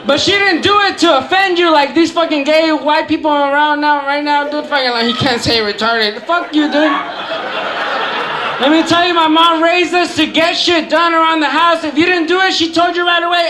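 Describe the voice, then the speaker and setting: A stand-up comedian delivering a crude, rapid rant in a comedy club. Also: male voice, very high-pitched, echoey room, crowd noise, noisy background.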